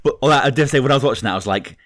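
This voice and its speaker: A man's voice: medium pitch, very fast, a bit bright, dry recording, clean studio sound. A man co-hosting a podcast, talking in an enthusiastic, conversational way with many "like"s. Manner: conversational, enthusiastic, says "like" a lot. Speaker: podcast co-host. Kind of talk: casual chat.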